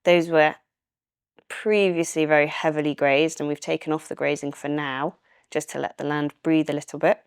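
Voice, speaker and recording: A young woman with a Welsh accent talks about the land she manages in an easy, enthusiastic way, laughing often. Her voice sits low and comes across smooth and clear. The recording is dry and close. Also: moderate pace, no echo. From Wales. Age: young adult. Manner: chatty, laughs easily, relaxed and enthusiastic. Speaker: estate manager, guest. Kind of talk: casual interview chat.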